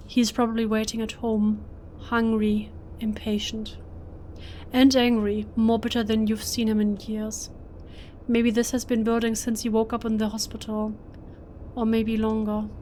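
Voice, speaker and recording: A German-native woman reads horror game narration aloud, hushed and emotional, often stumbling and restarting mid-word. Her voice sits fairly high but moves little in pitch. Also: a little hiss or hum. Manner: emotional, hushed, with self-corrections. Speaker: let's play gamer. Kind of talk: reading game text aloud.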